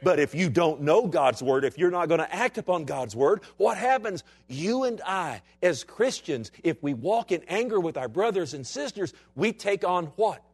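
A man from Texas preaching a sermon to a church, swinging from loud, urgent passages to hushed, intense ones and acting out the voices he quotes. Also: sits high, animated, moderate pace, hardly any pauses, breathy edge. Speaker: pastor.

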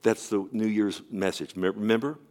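A man with a somewhat low voice preaches a sermon as pastor. He tells the story in a personal way, often dropping to a hushed, nearly whispered tone with stammered restarts. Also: fairly even intonation, normal speed.

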